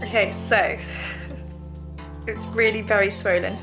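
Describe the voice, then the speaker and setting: A woman's voice: mid-range voice, steady tone, moderate pace, a bit bright, faint music behind. A young woman talking casually in a video diary, nasal and congested, chatty and emotional. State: congested, nasal after surgery. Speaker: vlogger.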